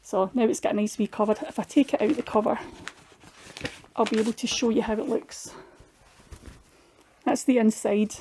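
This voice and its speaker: A woman's voice: fairly high pitch, steady tone, moderate pace, pauses often, warm tone, slight background noise. A middle-aged Scottish woman chatting casually through her craft projects, homely and full of little restarts. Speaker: craft vlogger. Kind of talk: casual show-and-tell chat.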